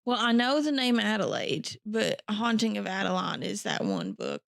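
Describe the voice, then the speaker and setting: A woman's voice: mid-range voice, sing-song, moderate pace, vocal fry, fairly bright tone, no echo, clean studio sound. A woman co-hosting a podcast, chatting in a giggly, rambling, self-deprecating way. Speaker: podcast co-host. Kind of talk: casual chat.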